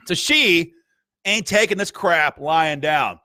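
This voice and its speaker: A man's voice: a little high, expressive, slow pace, bright, forceful tone, no echo. A man hosting a political commentary, reading emails aloud in a combative, sarcastic and mocking way. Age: adult with a school-age child. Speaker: gun rights group host.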